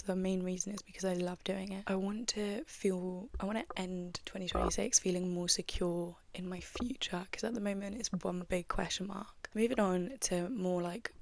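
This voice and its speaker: A woman's voice: on the low side, vocal fry, darkish tone, no room sound. A young woman hosting a podcast, chatting in a rambling, casual way with lots of likes and you-knows. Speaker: podcast host. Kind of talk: casual chat.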